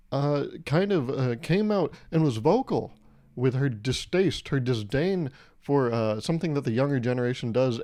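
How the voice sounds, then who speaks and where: A man's voice: mid-range voice, darkish tone. A young man hosting a podcast, rambling through a wry comedic monologue and swearing casually. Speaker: podcast host.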